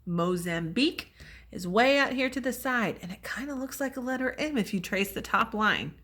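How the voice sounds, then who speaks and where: A woman's voice: on the high side, animated, moderate pace, fairly bright tone. A woman teacher leading children through a memory lesson with chants and motions, upbeat and encouraging. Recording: echoey room, voice from far off.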